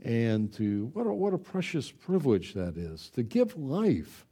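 A middle-aged male pastor preaching a conversational sermon, exuberant and animated, with chatty asides to the congregation. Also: mid-range voice, measured pace, slightly rough.

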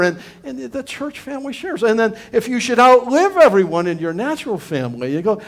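A middle-aged man preaching to his congregation in a loose, conversational way. His voice sits high for a man and rises and falls a great deal. He circles back over his words with many restarts as he makes his point earnestly. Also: big pitch swings, brisk, few pauses. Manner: earnest, rambling, frequent restarts and fillers. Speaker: pastor. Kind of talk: conversational sermon.

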